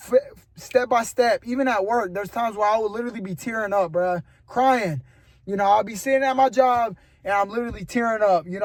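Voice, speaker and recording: A young man talks straight to his camera in a loose, rambling vlog, earnest and encouraging, with "bro" dropped in everywhere. His voice sits high for a man. The recording is dry, with no room sound. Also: dry recording. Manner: earnest and rambling, motivational, says "bro" often. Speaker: vlogger. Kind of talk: casual talk to camera. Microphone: camera mic.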